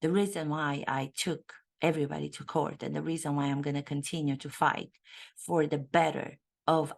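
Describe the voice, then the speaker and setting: A woman's voice: creaky, full character voice. A woman doing a pompous self-pitying prince. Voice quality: lowered voice, pompous and self-righteous. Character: self-pitying royal prince, man, blaming everyone else.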